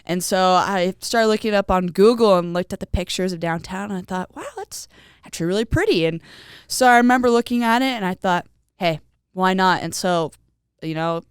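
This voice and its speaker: Smooth-voiced young woman telling stories. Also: on the low side, fairly quick, no echo, studio quality. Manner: animated, acts out quoted voices, frequent "like". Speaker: guest. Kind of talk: casual conversational storytelling.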